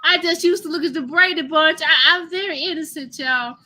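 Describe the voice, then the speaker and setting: Bright high-voiced woman storyteller. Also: brisk. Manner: animated, laughing, addresses listeners as y'all. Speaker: host telling a childhood story. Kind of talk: casual live-stream storytelling.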